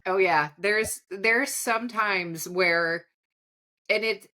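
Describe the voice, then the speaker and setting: A woman's voice: mid-range voice, extremely slow, bright, forceful tone. A middle-aged woman hosting a podcast, chatting casually and rambling with frequent giggles. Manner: giggly, rambling, laughs often. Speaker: podcast host. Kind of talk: casual chat.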